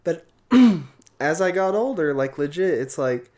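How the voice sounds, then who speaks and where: A man's voice: fairly high pitch, lively intonation, measured pace, darkish tone. A young adult man, a podcast guest in a casual chat, talking loosely, swearing and laughing often.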